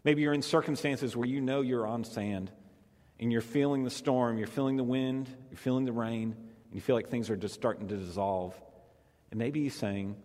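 Brief: male pastor, mid-pitched, conversational sermon with repeated phrases, long hall reverb. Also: normal speed, darkish tone.

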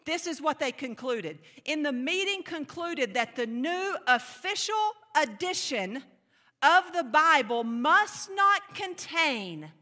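A woman preaching a sermon in an animated, emphatic way, slipping into playful mock voices to make her points. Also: high voice, slow, big-room sound.

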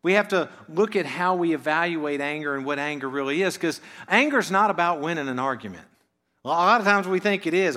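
Man preaching in a soft, conversational tone. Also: a little high, lively intonation, brisk. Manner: conversational, drops voice softly on phrase ends, asks rhetorical questions. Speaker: pastor. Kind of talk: sermon. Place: church.

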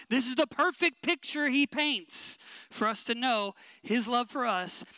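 Bright high-voiced man preaching. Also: no room sound. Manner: emphatic, repetitive, conversational. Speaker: pastor. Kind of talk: sermon.

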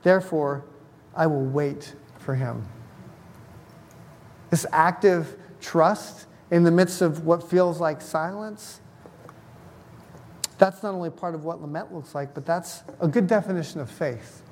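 Preaching as a pastor, a man with a fairly high, slightly mellow voice keeps his sermon conversational and often pauses to question the congregation. He's unhurried, with long pauses, and his words ring through a long hall reverb over a little hiss or hum.

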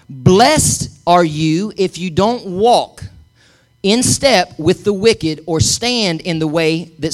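A middle-aged male pastor preaching a sermon, emphatic and calling on the congregation to repeat after him. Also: sits high. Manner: emphatic, calls for congregation responses.

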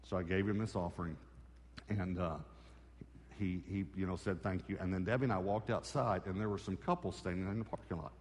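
A man's voice: deep voice, fairly even intonation, fairly quick, long reverb tail. A man preaching a sermon, telling a personal story and acting out the conversations in it. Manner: storytelling, acts out dialogue with God. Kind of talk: sermon testimony.

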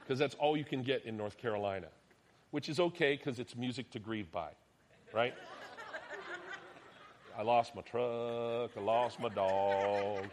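A middle-aged male pastor delivering a sermon in an animated storytelling way. His voice jumps up loud for emphasis, then drops to a hushed near-whisper. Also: medium pitch, unhurried, a little hiss or hum. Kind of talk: sermon with personal stories.

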